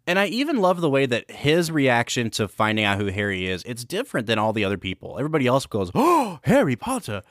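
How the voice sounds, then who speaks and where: A man co-hosting a podcast talks through a film in a casual review chat, enthusiastic and analytical with close attention to the acting. His mid-range voice is sing-song and fairly bright, fast with hardly any pauses, on a dry recording.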